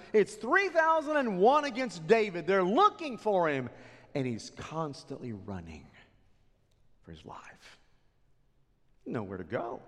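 A male preacher retells a story in a sermon, his voice set high and swinging widely, sometimes sinking to near whispers for effect. Long reverb from a large hall follows every line. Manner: animated retelling with dramatic drops to near whispers.

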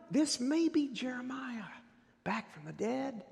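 High, lively-voiced preacher man in a reverberant hall. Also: a little slow, gravelly. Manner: dramatic, swings from loud to hushed. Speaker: pastor. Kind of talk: sermon. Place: church sanctuary. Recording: long reverb of a church hall.

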